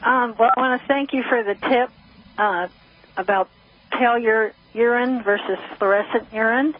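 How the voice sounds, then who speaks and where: A woman's voice: a little high, normal speed, dry recording. A woman calling in to a radio show, chatty and thankful. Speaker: caller. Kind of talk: phone-in conversation. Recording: radio phone-in, dull sound.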